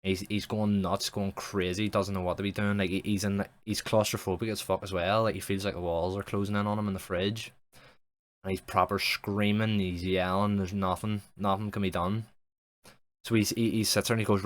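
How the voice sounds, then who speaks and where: Low-voiced man telling a rambling story. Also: flat delivery, a little fast, no room sound. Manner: rambling, profane, many restarts. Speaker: streamer. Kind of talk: improvised comic storytelling.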